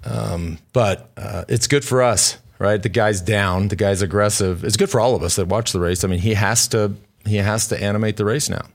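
A man's voice: fairly low pitch, moderate pace, vocal fry, hardly any pauses. A man co-hosting a casual cycling podcast, a former pro rider who talks bluntly, swears freely and rambles through restarts. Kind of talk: casual chat.

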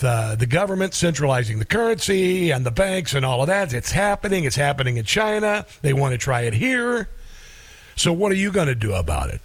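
A male talk radio host with a fairly high voice and a folksy, joking manner. He reads an ad and then interviews a guest with emphasis and humor.

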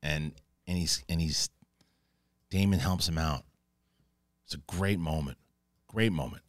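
A man hosting a casual TV episode review, retelling scenes in a profane, excitable way. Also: low-pitched, unhurried, no room sound, clean studio sound. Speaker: host.

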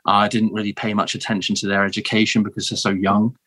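Speaking quickly in a lowish voice with no echo, a southern English former marine in his thirties guests on a casual interview. He relates stories animatedly, restarting often.

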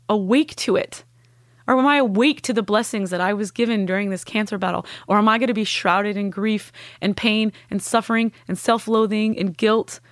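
A woman's voice: mid-range voice, no echo, studio quality. A young adult woman telling an emotional personal story in earnest, heartfelt talk, acting out the voices of the people she quotes. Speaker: guest sharing a personal story.

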